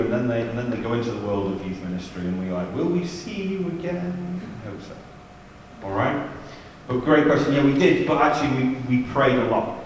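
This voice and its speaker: Male youth leader, mid-pitched, chatty and funny, telling anecdotes; heard from afar in a big reverberant church. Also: a little hiss or hum. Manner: chatty, humorous storytelling with asides. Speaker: youth ministry leader giving a seminar. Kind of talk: anecdotal church seminar talk. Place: large church hall. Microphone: distant from the mic. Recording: echoey church hall from far off.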